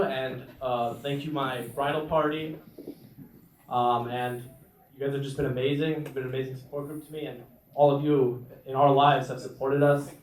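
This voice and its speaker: Groom, sincere and rambling, far from the mic in a roomy space. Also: male voice, mid-range voice, darkish tone. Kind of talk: thank-you speech. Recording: echoey room from far off, light noise.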